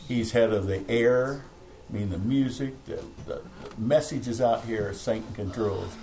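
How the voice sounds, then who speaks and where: A man's voice: medium pitch, unhurried, mellow, slight background noise, rough recording. A middle-aged man preaching a fervent, rambling sermon to a small home church, breaking into laughs. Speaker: pastor. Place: home meeting room.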